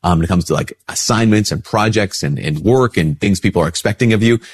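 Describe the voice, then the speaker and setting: A low, husky-voiced priest talks in a relaxed, chatty way, and his stuffy nose gives him a slightly sick sound. He pops his voice up whenever he acts out what people say. The sound is dry and close. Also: brisk, dry recording. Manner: conversational, acts out quoted replies in a higher voice. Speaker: Catholic priest. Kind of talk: casual spoken reflection.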